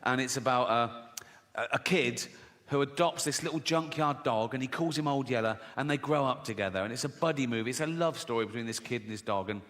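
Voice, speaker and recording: A man's voice: mid-range voice, a little fast, a bit bright. A middle-aged man doing a stand-up comedy set, laughing at his own jokes and acting out voices. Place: large live venue before an audience. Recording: live hall reverb, faint crowd noise.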